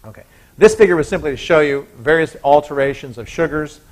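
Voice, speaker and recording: A man's voice: fairly high pitch, brisk, a little mellow. A man giving a university biochemistry lecture in a chatty way, often stopping to correct himself. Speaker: biochemistry professor.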